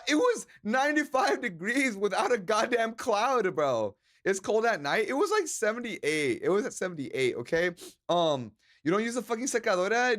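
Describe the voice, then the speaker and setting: Tipsy male streamer, high-pitched, goofy and profane, reading chat and greeting viewers. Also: a bit bright. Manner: loose, joking, profane, slips into Spanish words. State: a little drunk. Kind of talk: casual drunk stream chat reading chat aloud.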